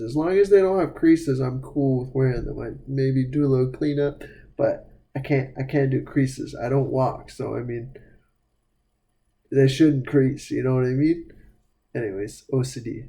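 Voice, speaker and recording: A man's voice: medium pitch, normal speed, dark tone, low-quality recording. A man chatting casually to camera about sneakers, laid-back and slangy, with plenty of fillers and "you know what I mean.". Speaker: sneaker reviewer.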